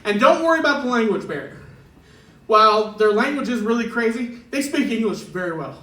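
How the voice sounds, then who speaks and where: A man's voice: high voice, expressive, fairly quick, fairly bright tone, roomy sound, distant mic, low-quality recording. A man doing a stand-up set in a club, chatty and chuckling through his punchlines. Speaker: stand-up comedian. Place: comedy club stage.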